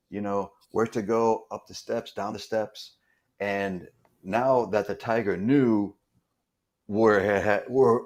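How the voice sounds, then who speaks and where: A middle-aged man, a stunt performer, telling anecdotes casually in an interview, often repeating his words as he goes. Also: on the low side. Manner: rambling, repeats words, acts out quoted dialogue.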